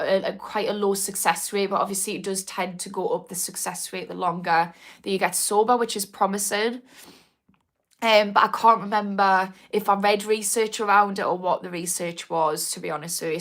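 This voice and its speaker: A woman with a North East English accent, an addiction recovery coach chatting on a live stream, rambling with many restarts. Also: medium pitch. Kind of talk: live stream chat answering comments.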